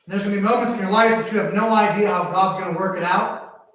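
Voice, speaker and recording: A high-voiced man preaching a sermon in a church, his voice ringing through a very echoey hall. He sounds like he is standing well away from the mic. He tells stories with animated swings between hushed asides and loud exclamations. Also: fast talker, recorded from a distance. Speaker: pastor. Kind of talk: sermon with personal story. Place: church sanctuary.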